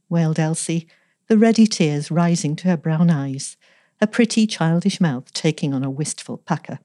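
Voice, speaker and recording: A woman reading a story aloud in a measured, gently expressive way, giving the characters light voices. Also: low voice, no echo, clean studio sound. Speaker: story reader.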